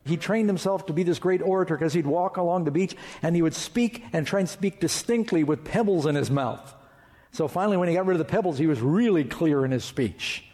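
Man pastor, emphatic sermon, slightly high voice, long hall reverb. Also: lively intonation, brisk, a little mellow. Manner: emphatic, reads scripture aloud.

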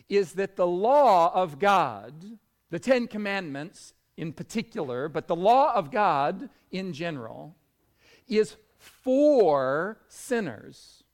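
Slow, animated male preacher. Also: high voice. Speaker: pastor. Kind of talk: sermon.

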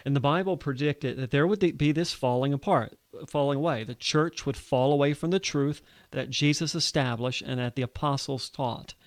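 A man from Alabama, an earnest Bible teacher on a radio show, explaining scripture in conversation and reading verses aloud slowly. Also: mid-range voice, no echo.

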